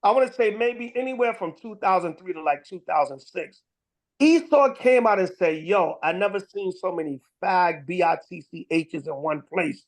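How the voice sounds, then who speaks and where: A man giving casual religious commentary, rambling and profane, with many fillers and restarts. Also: very high-pitched. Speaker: online commentator.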